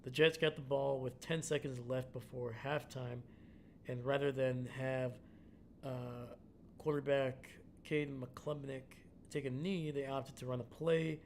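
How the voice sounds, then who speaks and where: Over slight background noise, a young man with a medium-pitched voice chats easily about a football game during a live stream. He tacks "man" onto the end of most of his lines.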